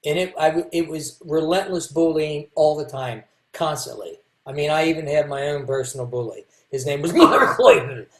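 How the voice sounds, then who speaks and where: A man from Kentucky, a guest telling his life story in a candid, halting way and restarting his words. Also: on the high side. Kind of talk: casual interview storytelling. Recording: echoey room.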